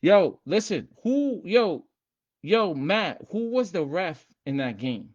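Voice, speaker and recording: A man hosting a casual livestream, hyped and streetwise, repeating himself and shouting out viewers by name. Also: sits high, sing-song, takes it slowly, dull audio. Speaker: livestream host teaching game rules.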